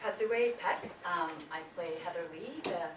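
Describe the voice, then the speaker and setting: A woman's voice: on the low side, moderate pace, very noisy. A woman from Japan, an actress, introducing herself shyly and hesitantly. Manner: shy, hesitant. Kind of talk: post-show interview. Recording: roomy, from far off, crowd behind.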